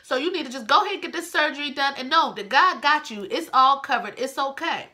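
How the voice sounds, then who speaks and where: A woman voicing a calm, comforting nurse who speaks in a soothing, reassuring way. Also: sits high, quick pace, pitched above the performer's own voice.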